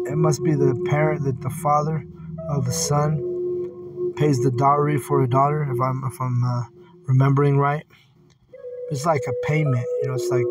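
A man reading scripture aloud and commenting on it in a casual, blunt way, often swearing. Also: medium pitch. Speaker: Bible teacher. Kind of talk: casual Bible study commentary. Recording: distant mic with singing bowl music.

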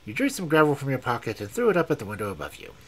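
A man reading aloud and voicing a cold, commanding male detective in a measured, stern, precise way with a husky tone. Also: medium pitch, wildly swooping pitch, rough recording.

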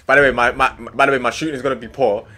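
A young man giving excitable, slang-heavy let's-play commentary, swinging between muttering and loud outbursts. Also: mid-range voice, racing. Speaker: gaming streamer.

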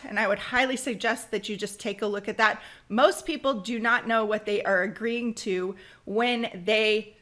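A woman hosting a screen-recorded crafting software tutorial, chatty and practical, speeding up when she gets excited. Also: a little high. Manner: practical, direct advice.

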